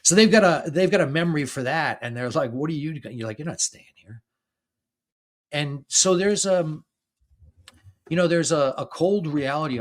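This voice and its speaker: A man in his fifties hosting a podcast, talking casually, laughing often and restarting his sentences as he tells stories. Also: medium pitch. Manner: chatty storytelling, laughs often between phrases; restarts and repeats words. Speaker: podcast host. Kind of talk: casual conversation.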